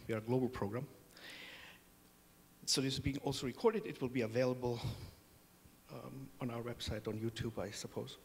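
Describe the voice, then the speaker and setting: A man's voice: medium pitch, darkish tone, slight background noise. Middle-aged man telling stories in a hall. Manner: humorous, self-deprecating anecdotes. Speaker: conference host. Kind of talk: storytelling conference introduction. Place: conference hall.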